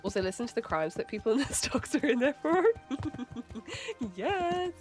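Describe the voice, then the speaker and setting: A woman's voice: a little high, big pitch swings, moderate pace, soft background music. A woman with a light English accent, chatting casually on a livestream, laughing often and mumbling a bit. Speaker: streamer.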